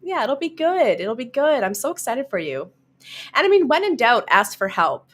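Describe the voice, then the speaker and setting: Woman, livestream host, slightly high voice, chatty and quick to giggle. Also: sing-song. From Canada. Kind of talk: casual livestream chat.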